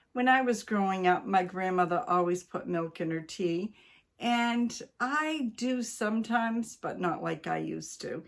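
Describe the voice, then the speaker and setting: A woman's voice: mid-range voice, expressive, a little slow, vocal fry. An older woman from Maine, host of her channel, reading a story aloud with chatty asides. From Maine, USA.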